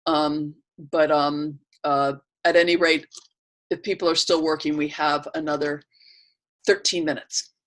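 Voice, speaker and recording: A woman leading a training session over a video call. She speaks softly and reflectively, unhurried, often pausing to search for words. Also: deep voice, steady tone. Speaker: workshop facilitator.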